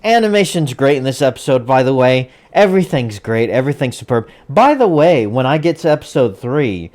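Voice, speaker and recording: A man talks through an anime episode in a loose, rambling way, often stopping to correct himself and chuckling at his own slips. His pitch swings a lot from line to line while staying around an average middle register for a man. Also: sing-song, fairly quick, darkish tone. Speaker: anime recap host. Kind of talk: casual episode recap.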